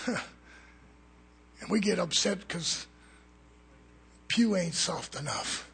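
Preacher guy, gravelly and tense, yelling then dropping low in church. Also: expressive, very slow, long pauses. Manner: fiery preaching that swings from shouts to low murmurs. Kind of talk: fiery sermon.

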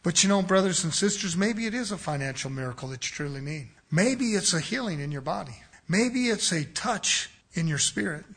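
Man, pastor, church sermon, impassioned, homespun, high voice, bright ringing tone. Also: lively intonation, moderate pace, few pauses, breathy edge. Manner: impassioned, swings between loud emphasis and quiet asides; folksy, homespun examples. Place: church sanctuary.

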